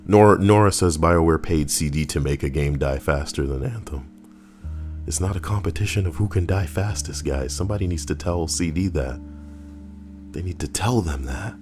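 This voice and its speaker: A man's voice: sits low, slight background noise. A man hosting a live reaction stream, chatting casually and wryly and talking back to his viewers. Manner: wry, chatty, talks back to chat.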